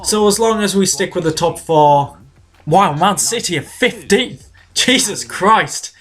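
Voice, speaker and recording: A man hosting a gaming video, giving chatty play-by-play of his own match and breaking into excited shouts when goals go in. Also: high voice, a little slow. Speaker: gaming channel host. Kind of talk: video game commentary.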